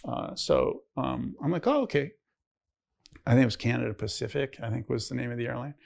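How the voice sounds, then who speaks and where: A man's voice: mid-range voice, fairly even intonation, fast talker, gravelly, darkish tone. A man in his sixties, a pastor giving his personal testimony in a rambling, conversational way, jumping his voice up when he acts out old conversations. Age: 60s. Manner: rambling, conversational, acts out quoted dialogue in a raised voice. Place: church.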